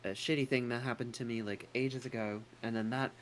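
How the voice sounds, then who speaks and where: A woman's voice: a bass voice, steady tone, fairly quick, slight background noise. A woman co-hosting a casual chat, rambling and swearing casually, with a put-on American accent. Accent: non-native English put-on American. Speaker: co-host.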